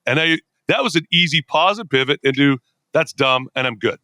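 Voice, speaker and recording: A man's voice: fairly high pitch, expressive, fairly quick, sharp tone. A middle-aged man, a podcast guest, telling stories energetically and acting out his own inner dialogue in a conversational interview.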